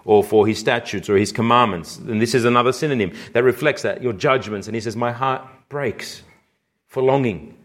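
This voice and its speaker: A man preaching a sermon, speaking slowly and earnestly, with his voice rising whenever he quotes scripture. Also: a bit bright. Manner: earnest, rising in pitch and intensity when quoting scripture; slow, deliberate phrasing with repeated restarts.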